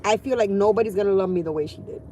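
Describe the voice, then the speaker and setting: A woman's voice: medium pitch, racing, warm tone, slight background noise. A woman in her forties talking candidly and emotionally in a casual vlog from inside her car, swearing freely. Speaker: vlogger.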